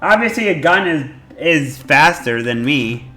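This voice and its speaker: A male streamer in casual chat, talking in a rambling, animated way and swearing freely. His voice sits a bit high and has a bright, forceful tone. Faint game music plays behind him. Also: unhurried.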